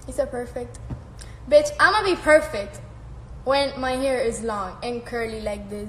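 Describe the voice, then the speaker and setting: High, slow-talking young woman livestreaming. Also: a bit bright. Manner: chatty, laughs often, swears casually. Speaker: livestreamer reading fan comments. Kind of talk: casual live-stream chat. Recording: echoey room with faint background noise.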